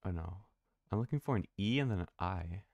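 A man's voice: sits low, lively intonation, a little fast, a little mellow, no echo, clean studio sound. A man thinking aloud and swearing casually while live-streaming a video game.

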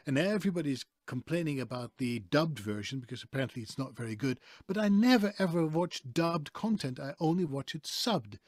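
Animated Dutch man, dry sound. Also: a little high, brisk, few pauses, no room sound. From Netherlands. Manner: lively, expressive storyteller. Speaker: guest, voice actor. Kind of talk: casual interview chat.

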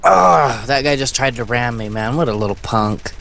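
A man's voice: mid-range voice, animated, normal speed, creaky, a bit bright. A man playing along in a game, chatting casually and throwing out laid-back trash talk at opponents. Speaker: fellow player. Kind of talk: casual gaming chat.

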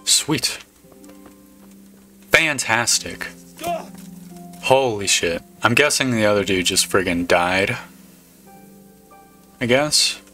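A man giving relaxed let's play commentary, swearing casually as he plays. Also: on the low side, takes it slowly, long pauses, faint music behind. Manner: laid-back, swears casually. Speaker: gamer.

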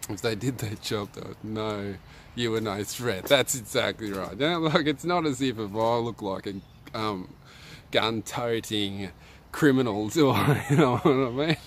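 A young Australian man telling a story to his viewers in a relaxed, slangy way. He laughs often, and his voice jumps up when he gets excited. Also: lowish voice, a little slow, slight background noise. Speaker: vlogger. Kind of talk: casual storytelling to live viewers.

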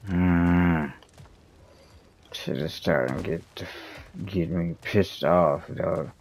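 A man's voice: sits low, takes it slowly, a little mellow. A man giving casual gameplay commentary, muttering frustrated and heavily profane complaints. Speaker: gaming streamer.

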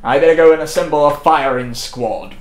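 A man playing a blustering, pompous old British general with a booming delivery. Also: a little fast, lightly acted. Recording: roomy echo.

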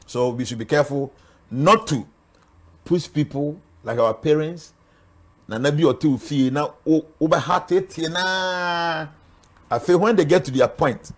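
A man with a Ghanaian accent, a spiritual guest speaking earnestly in an interview, warning and preaching. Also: mid-range voice. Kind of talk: interview talk mixing Twi and English.

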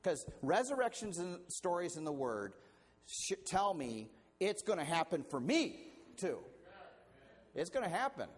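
A male pastor preaching a sermon in an animated, conversational way, often restarting his sentences. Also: sits high, a little slow, husky.

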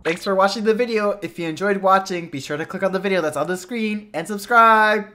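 Excitable woman narrating a game. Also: medium pitch, fairly quick. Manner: excitable, dramatic exclamations. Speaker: game video host and player.

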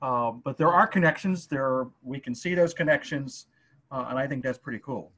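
A man's voice: medium pitch, normal speed, fairly bright tone. A man, a museum curator, joins a livestream discussion. He talks hesitantly and casually, with many ums and uhs. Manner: hesitant, many filler sounds.

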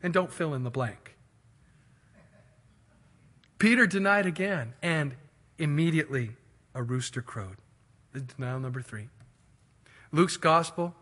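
A male pastor preaching a sermon in an animated way, swinging between loud and quiet. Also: on the high side.

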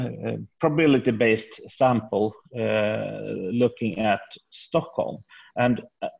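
A man from Sweden, a native Swedish speaker, presents survey findings in a webinar, halting and repeating words often. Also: medium pitch, vocal fry, breathy edge. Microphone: video call. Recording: tinny phone-like video call audio.

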